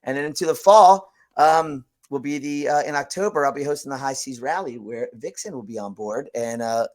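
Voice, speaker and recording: A man's voice: medium pitch, moderate pace, a little mellow. A man guest on a podcast, talking casually and enthusiastically with slang about hosting festivals and radio. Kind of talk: casual interview chat.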